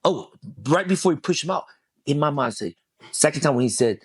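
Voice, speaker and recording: Husky middle-aged man telling stories. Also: fairly high pitch, brisk, no echo, studio quality. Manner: animated, swears, acts out quoted lines in a raised voice. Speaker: podcast guest. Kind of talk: casual storytelling.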